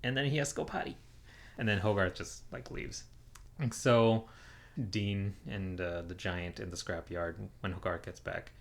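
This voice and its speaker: Low-voiced man recapping a film casually. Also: normal speed, gravelly. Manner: relaxed, filler-heavy retelling. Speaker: podcast co-host.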